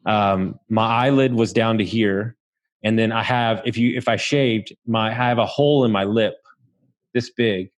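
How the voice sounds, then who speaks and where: A man's voice: lowish voice, normal speed. A man from Southeast Texas telling a story as a podcast guest, talking casually, swearing freely and laughing as he goes.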